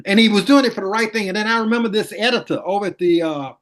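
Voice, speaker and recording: A man's voice: high-pitched, very fast, a bit bright. An older man, a former attorney, reminiscing in a casual interview and acting out quoted lines in his anecdotes.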